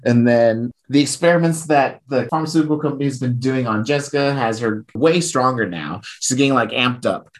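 Man, casual chat, mid pitch, laughs often, story recap. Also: fairly quick, few pauses. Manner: chatty, laughs often, retells with quoted dialogue. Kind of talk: casual chat, recapping a comic book plot.

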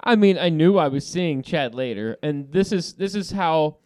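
Man, podcast host, casual banter, smooth voice, dry sound, slightly high. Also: moderate pace, no echo. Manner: animated storytelling with profanity and laughter.

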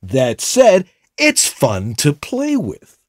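A man's voice: a little high, wildly swooping pitch, drawn-out words, no room sound, clean studio sound. A man co-hosting a casual tech show, reading listener questions with wry, jokey asides.

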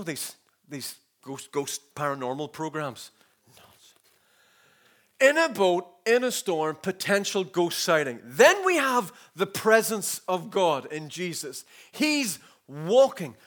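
A man preaching a sermon, lively, dropping into hushed asides and acting out the story's voices. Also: high-pitched. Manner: animated, shifts between loud and hushed asides.

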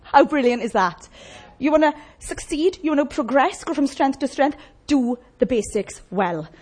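A woman's voice: high voice, lively intonation, normal speed, a little mellow. A woman preaching a sermon in a conversational way, often asking the congregation questions.

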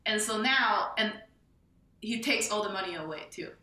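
Woman from Taiwan, bright echoey voice. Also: mid-range voice, normal speed. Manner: animated, laughing, tags lines with "right?". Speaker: memoir author, guest. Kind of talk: storytelling in an interview.

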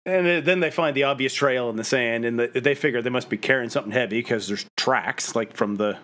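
A man in a relaxed, conversational podcast recap, his voice mid-pitched and plain. He retells scenes with easy laughs and casual swearing. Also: a little fast. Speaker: podcast co-host. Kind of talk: casual episode recap chat.

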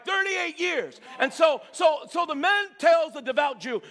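A man preaching a sermon with emphatic repetition, rising to shouts. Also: very high-pitched, lively intonation, unhurried, hardly any pauses.

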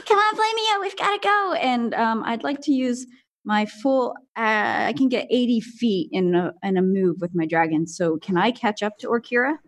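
A woman playing a tabletop role-playing game, excitable and often giggling. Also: mid-range voice, normal speed. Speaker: player.

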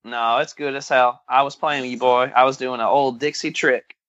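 A man's voice: mid-range voice, steady tone, normal speed, fairly bright tone, dry recording, highs cut off. A man co-hosting a podcast in casual chat, rambling and tripping over his words with folksy slang. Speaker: podcast co-host.

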